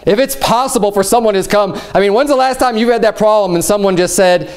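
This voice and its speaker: American male preacher, young, high tenor, animated Bible teaching, acts out quotes. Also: brisk, few pauses.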